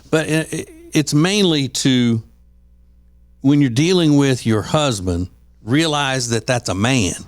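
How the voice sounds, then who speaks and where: A man's voice: medium pitch, lively intonation, slow. A man co-hosting a podcast in casual chat, rambling with frequent restarts and acting out quoted voices. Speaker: podcast co-host.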